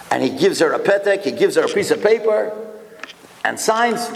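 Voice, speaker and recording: A male rabbi with a fairly high voice telling a story to a room of listeners. He keeps the crowd engaged with rhetorical questions and drops Hebrew and Yiddish words into his speech. His voice carries a long hall reverb. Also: big pitch swings, moderate pace, creaky. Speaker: rabbi and lecturer.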